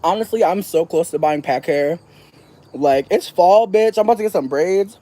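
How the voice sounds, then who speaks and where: A woman streamer chatting casually with her viewers, swearing freely and laughing loudly. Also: fairly low pitch, normal speed. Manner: profane, animated, laughs loudly. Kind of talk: casual chat.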